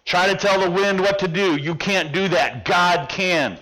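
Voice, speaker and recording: A man preaching to men, telling a personal story with lively acted-out dialogue and hushed moments. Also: high-pitched, measured pace, low-quality recording. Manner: animated storyteller, acting out dialogue, drops to hushed tones.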